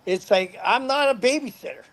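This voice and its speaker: A middle-aged man with a high-pitched voice tells loose, rambling stories. He swears casually and keeps breaking into laughter at his own tales. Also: lively intonation, a little fast, fairly bright tone. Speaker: podcast guest, former motorcycle racer. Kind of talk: casual storytelling.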